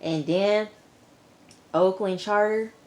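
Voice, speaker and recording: A woman vlogger recapping a TV episode in a casual, lively way, full of slang and quick asides. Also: medium pitch. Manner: lively retelling with slang and acted-out quotes. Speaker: TV review vlogger.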